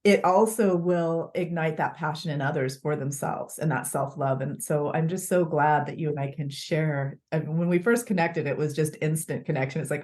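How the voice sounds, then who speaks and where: A woman author with a low-pitched voice speaks as a guest in a podcast interview. She tells her stories in an earnest, animated way. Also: normal speed, few pauses.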